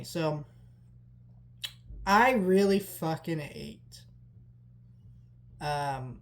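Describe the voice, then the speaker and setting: A woman's voice: sits low, a little mellow. A young woman casually telling rambling, profane stories to her camera as a movie vlogger. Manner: rambling, profane, frequent fillers. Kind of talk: casual storytelling vlog.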